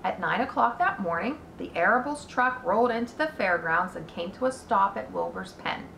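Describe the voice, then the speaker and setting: A woman teacher reading a children's book aloud in a slow, deliberate manner. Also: medium pitch, animated, gravelly, a bit bright, a little hiss or hum. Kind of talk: read-aloud storytelling. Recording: roomy echo.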